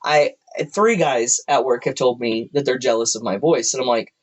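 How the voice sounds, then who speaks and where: A man's voice: normal speed, low-quality recording. A man co-hosting a podcast from a room at home, rambling and joking with frequent laughs in casual chat. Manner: rambling, jokey, laughs often, drops into a deep voice for stories. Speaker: podcast co-host.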